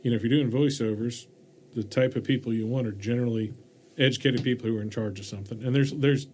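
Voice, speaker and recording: A man's voice: mid-range voice, steady tone, fast talker, a little mellow. A man hosting a podcast, asking questions and telling stories in a chatty, rambling, jokey way. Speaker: podcast host. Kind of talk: casual podcast interview.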